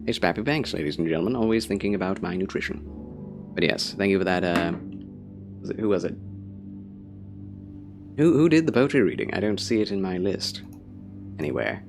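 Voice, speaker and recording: A man's voice: low voice, animated, moderate pace, long pauses, over music. A man live-streaming a game, chatting casually and theatrically with his viewers.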